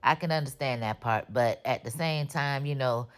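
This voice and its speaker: A woman's voice: very deep voice, normal speed, smooth. A woman recapping a TV episode in casual, slangy talk. She is opinionated and scolds the characters directly. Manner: opinionated, talks straight at the characters; slangy, informal. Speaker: TV recap host.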